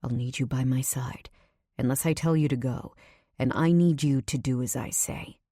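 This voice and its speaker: A woman voicing a protective young mafia man who speaks in a low, firm, insistent way. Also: steady tone, normal speed, dark tone, no echo, clean studio sound.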